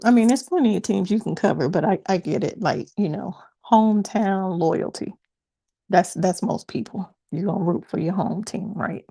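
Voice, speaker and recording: A woman hosting a casual sports talk show, making her case slowly and deliberately, point by point. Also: medium pitch, vocal fry, mellow, breathy edge. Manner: measured, deliberate, builds points in lists. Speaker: host.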